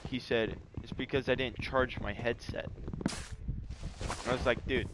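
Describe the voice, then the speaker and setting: A man's voice: mid-range voice, steady tone, unhurried. Give me a casual male gaming YouTuber, rambling story-style over a noisy recording. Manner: rambling storytelling with many fillers. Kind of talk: casual gameplay chat.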